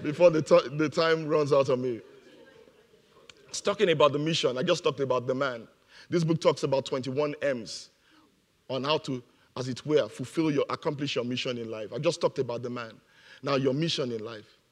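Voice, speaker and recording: A man's voice: medium pitch, normal speed. A man preaching a motivational sermon, emphatic and repeating his key phrases, laughing now and then at his own jokes.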